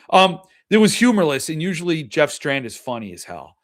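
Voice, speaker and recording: A middle-aged man talks casually to his viewers, answering their comments as they come in. His voice sits a little higher than most men's, and he often breaks off and starts his sentences again. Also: very animated, a little fast, hardly any pauses. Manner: chatty, reacts to viewer comments, trails off and restarts. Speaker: host. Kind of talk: casual livestream chat.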